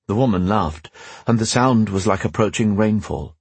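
Husky low-voiced guy reading a fantasy audiobook, dry close mic. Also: expressive, moderate pace, dry recording. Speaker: narrator. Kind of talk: scripted fantasy audiobook narration.

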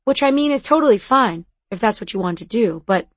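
Audiobook read: woman voicing a soft-spoken, hesitant teenage boy, tender, dry close recording. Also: fairly high pitch, animated, fairly quick, dry recording. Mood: gentle, shy. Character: shy, gentle teenage boy on the phone.

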